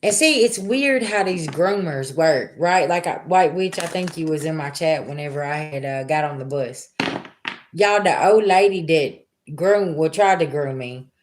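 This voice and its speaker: A woman's voice: sits low, animated, a little slow, noisy background. Chatty woman storyteller on a livestream. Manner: chatty storyteller, talks back to chat, colloquial. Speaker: tarot reader livestream host. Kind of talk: casual livestream chat.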